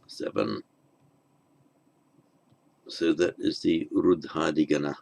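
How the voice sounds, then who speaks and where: A man's voice: a bass voice, expressive, slow, creaky, darkish tone. A man teaching an online grammar lesson, thinking aloud with fillers and restarts and muttering asides under his breath. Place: at a desk with a tablet.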